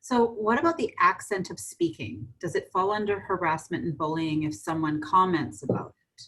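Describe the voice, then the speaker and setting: Husky low-voiced woman moderator. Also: animated, normal speed, fairly bright tone, rough recording. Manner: brief backchannels, reads out audience questions. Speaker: webinar moderator. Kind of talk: moderating questions. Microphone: video call.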